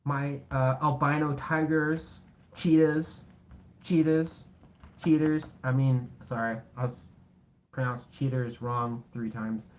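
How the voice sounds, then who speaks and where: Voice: mid-range voice, level tone, measured pace. A tarot reader doing a casual reading to camera, blunt and sarcastic, rambling and correcting themself, with casual swearing. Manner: rambling, self-correcting talk.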